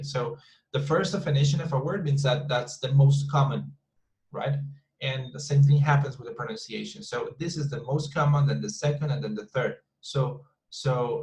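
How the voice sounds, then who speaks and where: A man's voice: mid-range voice, reverberant, rough recording. A male teacher, explaining syllables in an online class, often repeating words and restarting his sentences. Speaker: English teacher.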